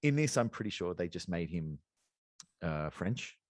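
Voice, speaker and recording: Deep-voiced man on a podcast, dry sound. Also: big pitch swings, a little slow, dry recording. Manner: rambling, thinks aloud. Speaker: podcast co-host. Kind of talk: casual chat.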